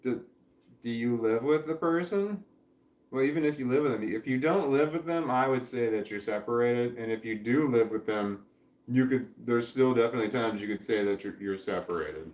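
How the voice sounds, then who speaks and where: A man's voice: mid-range voice, normal speed, a little mellow. Rambling middle-aged man streaming from home. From Missouri, USA. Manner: rambling, self-deprecating, frequent restarts, drones on. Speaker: live streamer. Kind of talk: casual live stream chat reading comments. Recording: echoey room.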